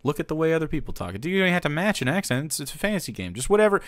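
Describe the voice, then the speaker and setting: A man's voice: fairly high pitch, very animated, very fast, a bit bright, no room sound, clean studio sound. A man hosting a live stream, reacting to a clip in a blunt, profane rant. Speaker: streamer host.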